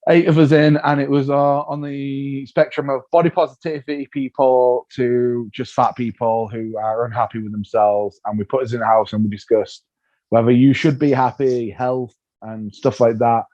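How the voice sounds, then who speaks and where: A man chats through an interview, telling comic stories with put-on voices and quick jumps up in pitch. His voice is mellow and dark. The recording sounds dull and lo-fi. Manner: animated storyteller, acts out voices, laughs often. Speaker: comedian guest. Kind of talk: casual interview chat.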